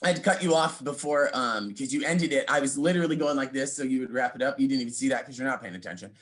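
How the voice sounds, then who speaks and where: A man's voice: mid-range voice, quick pace, fairly bright tone. A man hosting, giving teasing, mock-encouraging feedback on a comedy set. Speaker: show host giving feedback. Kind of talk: casual comedy critique.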